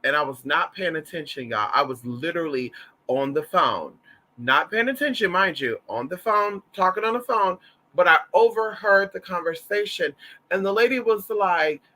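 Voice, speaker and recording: Campy, bright-voiced man chatting on a livestream. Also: high voice, normal speed. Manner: animated, campy, profane, calls listeners y'all and honey. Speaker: livestream host reading chat. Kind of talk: casual livestream chat and storytelling.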